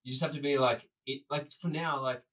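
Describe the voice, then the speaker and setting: Brief: man, podcast co-host, relaxed and blunt, mid-range voice. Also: medium pitch, a little fast, rough recording. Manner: relaxed, frequent "yeah" backchannels, blunt and opinionated. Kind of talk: casual chat.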